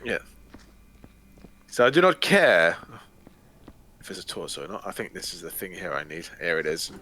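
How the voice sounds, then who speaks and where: A man's voice: deep voice, big pitch swings, moderate pace, sharp tone. A man hosting a gaming video, chatting casually and joking in a rambling way. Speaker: gaming channel host. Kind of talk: casual chat while playing.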